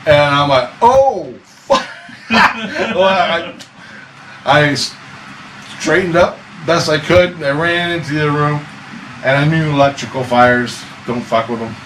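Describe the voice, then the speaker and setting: A man's voice: a little high, unhurried. A man telling a wild personal story in a casual interview, swearing, laughing often and acting out voices. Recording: echoey room, far from mic, noisy.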